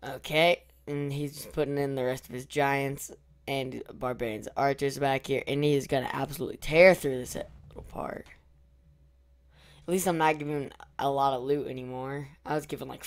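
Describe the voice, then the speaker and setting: Young male gamer, hoarse voice, clean and smooth tone, casual excitable commentary. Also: mid-range voice, moderate pace. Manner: excitable, swings from mumbling to loud cheering. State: losing his voice. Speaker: gaming YouTuber.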